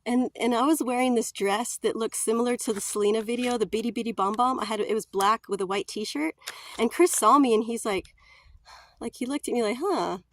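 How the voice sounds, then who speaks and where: A playful, chatty woman tells stories straight to her audience in a casual vlog. Her voice sits a little high, and she laughs easily between her stories. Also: a little fast, no room sound. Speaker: vlogger.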